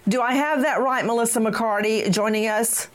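A woman's voice: fairly high pitch, moderate pace. A woman hosting a true crime talk show, talking in an emphatic, indignant way and addressing guests by name. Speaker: host.

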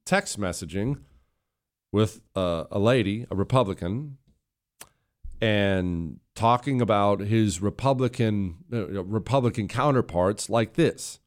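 A man's voice: lowish voice, slow, pauses often. A man hosting a radio talk show, delivering impassioned political commentary into a studio microphone. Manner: impassioned, building to heated emphasis.

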